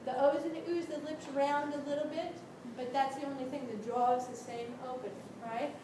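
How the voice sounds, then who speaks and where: A woman vocal instructor leading a group singing lesson, brisk and encouraging, checking in with the class and singing demonstration notes. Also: high-pitched, steady tone. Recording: echoey room from a distance, noisy.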